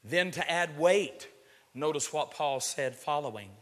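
A male preacher delivering a sermon, swinging from low murmurs to shouted, drawn-out climaxes. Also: lively intonation. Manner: stretches words for emphasis. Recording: long hall reverb.

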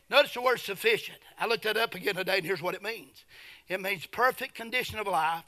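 A middle-aged man preaches a fervent sermon. His voice sits high and rings sharp and bright. He swings between quiet, intimate storytelling and shouted praise. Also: a little fast. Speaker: pastor.

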